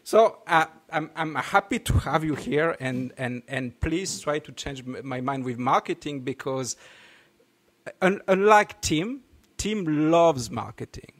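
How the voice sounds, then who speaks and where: A man's voice: fairly high pitch, expressive. French-accented man hosting a podcast. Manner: halting, many restarts, laughing often. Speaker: podcast host. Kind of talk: casual podcast chat.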